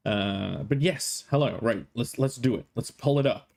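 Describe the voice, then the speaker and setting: This streamer's medium-pitched voice is gravelly and darkish, moving at a normal speed despite his strained throat. Hosting a casual live-stream chat, he keeps things playful, joking and cursing freely.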